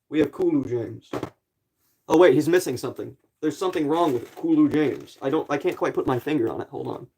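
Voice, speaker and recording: A man's voice: a little high, darkish tone. A young man chatting casually on a livestream, rambling and playful, full of "like" fillers. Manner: rambling and playful, many "like" fillers, quick bursts. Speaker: streamer.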